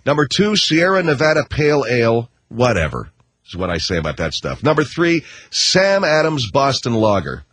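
A husky-voiced man hosts a radio talk show, rambling and cracking wise as he goes. His pitch swings widely, lively and animated. The studio sound is dry and close. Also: moderate pace, dry recording. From United States. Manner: rambling, wisecracking, animated storytelling.

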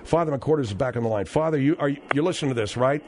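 A man's voice: mid-range voice, quick pace, a little mellow, a little hiss or hum, lightly acted. An actor playing a combative radio talk show host who needles his guest with repeated questions.

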